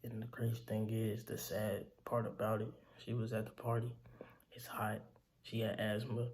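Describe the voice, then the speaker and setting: Grieving young man, gravelly and low. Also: flat delivery, darkish tone, a little hiss or hum. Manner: halting, repeats himself, calls the listener bro. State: grieving, voice dropping to near whispers. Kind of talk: emotional storytelling to camera.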